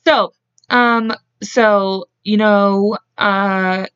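A woman's voice: mid-range voice, steady tone, drawn-out words, fairly bright tone, clean tone, no echo, dull audio. A woman hosting a podcast, telling a true story in a casual, chatty way, with frequent swearing and laughing asides. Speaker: podcast host.

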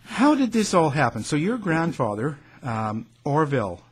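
A man's voice: on the high side, sing-song, slightly rough. A man with a Canadian accent hosting an interview, rambling with plenty of fillers. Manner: rambling, filler-heavy, quick to laugh. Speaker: show host. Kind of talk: casual interview chat.

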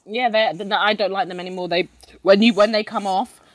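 A woman's voice: mid-range voice, steady tone, a little fast, no echo. A woman co-hosting a podcast, blunt and frank, reading listener letters. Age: 20s. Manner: blunt, frank, swears casually. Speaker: podcast co-host.

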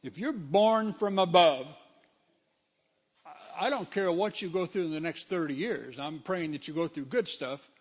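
A man preaches a sermon in a loose, conversational style, hammering his points home with emphasis. He speaks at a measured pace in a high voice with a gravelly rasp.

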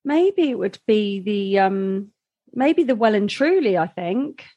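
A woman's voice: medium pitch, animated, slow pace, dark tone, no echo, lo-fi sound. A woman co-hosting a podcast, chatty and giggly in casual conversation. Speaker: podcast co-host. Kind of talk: casual chat.

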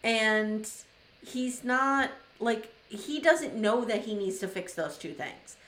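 A woman's voice: on the high side, lively intonation, slow pace, a bit bright. A woman co-hosting a podcast, giving her opinion in thoughtful, emphatic casual chat and often restarting to find her words. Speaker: podcast co-host. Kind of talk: casual chat recapping a TV episode. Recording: roomy echo.

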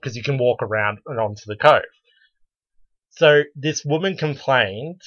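Bright, crisp man chatting. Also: mid-range voice, dry recording. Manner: animated storytelling, blunt and joking. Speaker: podcast co-host. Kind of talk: casual chat. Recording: dull lo-fi recording.

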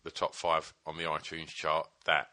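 A man with a very low, bright, forceful voice, chatting loosely on a podcast. He swears freely, teases his co-host and fills pauses with ums. The sound is close and dry. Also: completely flat delivery, dry recording. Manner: swearing, teasing, filler-heavy. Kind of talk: casual chat.

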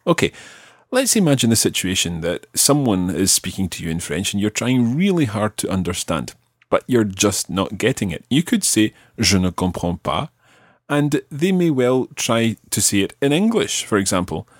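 A husky-voiced man hosting a podcast language lesson, his pitch sitting low but moving a lot as he prompts his learner with patient questions. The sound is dry and close, with no room around it. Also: no room sound. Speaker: language teacher and podcast host.

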